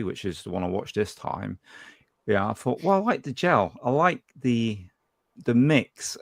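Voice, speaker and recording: A man's voice: medium pitch, no echo, clean studio sound. A man chatting casually as a podcast co-host, reflecting fondly on action films. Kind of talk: casual chat.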